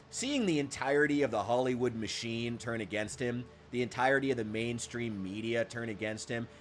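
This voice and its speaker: A man streaming a game, ranting heatedly with lots of swearing and answering his chat, often trailing off into quiet, muttered asides. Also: medium pitch, a little hiss or hum. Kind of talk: casual live-stream talk, reacting to chat.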